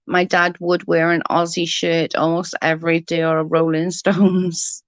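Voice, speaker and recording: A woman's voice: on the low side, completely flat delivery, measured pace, no room sound, poor audio. Middle-aged British woman, casual livestream chat, rambling, answering comments, dry close sound.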